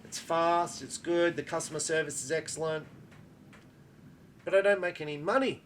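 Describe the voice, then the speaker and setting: Blunt, exasperated Australian man, raised pitch. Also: normal speed, a little hiss or hum. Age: older. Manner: blunt, exasperated, rhetorical, keeps asking "right?". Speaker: archery shop owner. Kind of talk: frustrated monologue to camera.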